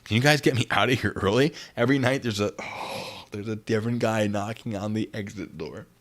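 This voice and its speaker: A man's voice: fairly low pitch, fairly quick. A man giving sarcastic live-stream commentary at a desk microphone, with joking asides, and stopping to read chat and thank viewers for donations. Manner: sarcastic, animated, laughing asides; reads donations and chat aloud.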